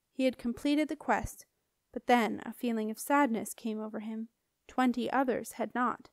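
A woman reading a children's fantasy novel aloud in a calm, even way. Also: on the high side, no room sound, studio quality. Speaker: audiobook reader. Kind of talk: scripted audiobook narration.

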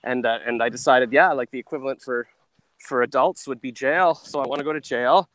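A man's voice: medium pitch, fairly quick, a bit bright, no echo. A Canadian man riffing as a comedy guest on a phone video call from a park, rambling and self-deprecating, with many stammered restarts. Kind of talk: casual riffing chat. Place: outdoors in a park.

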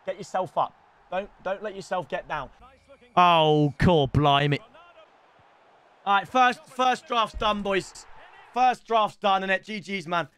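Hyped young gaming streamer. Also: male voice, high-pitched, slow, pauses often. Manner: excitable, shouts and swings between hype and frustration.

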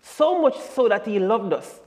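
A man teaching a Bible lesson in church, deliberate and emphatic, leaning hard on key words. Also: high-pitched, animated, a little mellow. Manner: deliberate and emphatic, building to strong stresses. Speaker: Sabbath School lesson presenter. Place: church sanctuary. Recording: long church-hall reverb.

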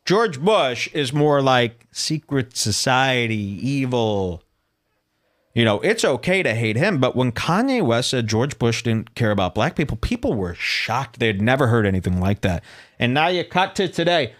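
Male podcast host, solo rant, lively swinging pitch, incredulous. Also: moderate pace. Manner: animated, incredulous ranting, reading posts aloud. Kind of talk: solo commentary show.

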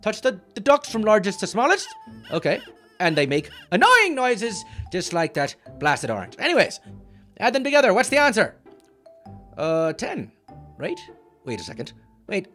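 A clumsy, hot-tempered cartoon leprechaun with a lilt, acted out by a man, bragging and grumbling as he plays a game. His pitch swings wildly from low mutters to high squeals. Faint music plays behind him. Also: very animated, sharp tone, full character voice. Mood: excitable. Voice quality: boastful, bouncy, quick to get annoyed. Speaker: let's-play host. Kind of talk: cartoon character game commentary.

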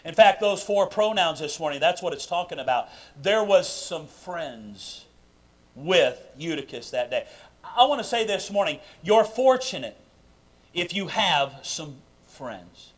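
A man preaching a sermon in a church sanctuary, emphatic and full of questions to the congregation, swinging between loud bursts and quiet asides. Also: a little high, animated, a little slow. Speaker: pastor. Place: church sanctuary during a live service.

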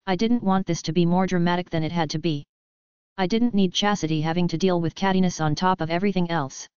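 A low-pitched woman reading an audiobook in the first person, with a steady pace. Her voice is very clear and smooth, and the recording is dry and a little muffled. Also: fast talker, no room sound. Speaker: audiobook narrator. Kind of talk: scripted audiobook narration.

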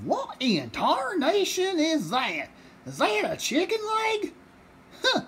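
A woman plays a bumbling backwoods farmer in a puppet comedy, hollering and cackling in folksy rural slang. The voice sits high and swoops widely, and the drawl is slow and drawn out. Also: wildly swooping pitch, a bit bright, slight background noise, full character voice. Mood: boastful. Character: bumbling hillbilly male turkey-hunting farmer. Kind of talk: puppet show comedy acting.

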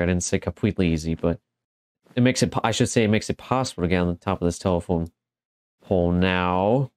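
A man's voice: low-pitched, fairly quick, a little mellow, no echo, clean studio sound. A man giving casual let's-play commentary, joking and exclaiming as he talks back to the game. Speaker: gaming commentator.

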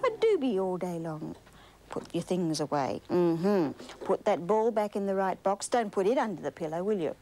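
A woman's voice: fairly low pitch, moderate pace, few pauses, mellow, a little hiss or hum, rough recording. An Australian woman hosting a children's TV show, coaxing and sing-song, full of tag questions for young viewers. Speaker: children's TV host.

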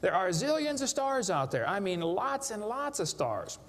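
High-voiced man lecturing in a hall. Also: big pitch swings, moderate pace, a bit bright. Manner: joking, emphatic storyteller who plays to the crowd. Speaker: creationist speaker. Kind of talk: live seminar lecture to an audience. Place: large hall with a live audience. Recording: echoey hall with faint background noise.

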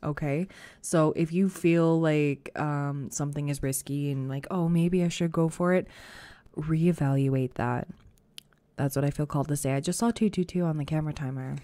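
A woman giving a casual, chatty pick-a-card tarot reading, reassuring and full of fillers, her voice a bit rough today. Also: sits low, steady tone, moderate pace, warm tone, dry recording. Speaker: tarot reader.

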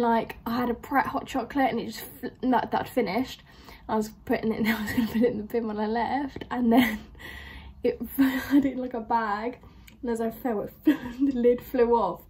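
A woman's voice: on the high side, a little mellow, slight background noise. A young woman, chatting and telling stories animatedly as a reaction vlogger. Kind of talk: casual reaction vlog storytelling.

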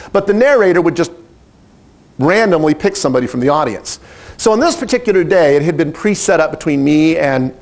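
A middle-aged man who directs animal training, telling a story in a lively, animated way and acting out the quotes. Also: fairly high pitch. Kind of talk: storytelling talk.

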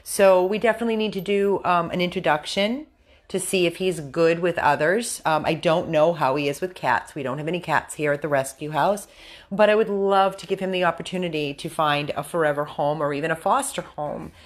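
A woman's voice: fairly low pitch, a little fast. An American woman volunteering with a dog rescue, speaking earnestly to viewers in an appeal video from a room at the rescue house. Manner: earnest, coaxing baby talk to the dog.

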